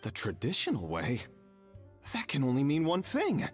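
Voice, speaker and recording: An actor playing an earnest young companion recounting lore in a game, with a husky voice. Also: male voice, mid-range voice, huge pitch swings, normal speed. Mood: explaining. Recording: reverberant game audio with music.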